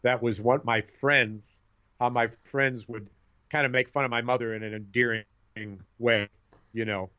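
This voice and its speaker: A middle-aged man co-hosting a podcast in casual chat, an animated storyteller who acts out voices. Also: mid-range voice, moderate pace, clean tone. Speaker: podcast co-host. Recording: dull lo-fi sound.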